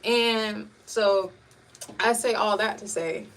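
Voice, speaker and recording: A woman hosting a casual live chat, telling stories in an animated way and laughing often. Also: mid-range voice, takes it slowly. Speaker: host. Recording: distant mic with faint background noise.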